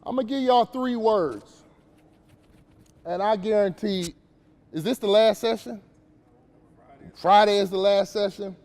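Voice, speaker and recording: A man's voice: high-pitched, a little slow, long pauses, a little mellow, big-room sound. A man giving a casual, slangy motivational talk to young players at a basketball camp, questioning the kids as he goes.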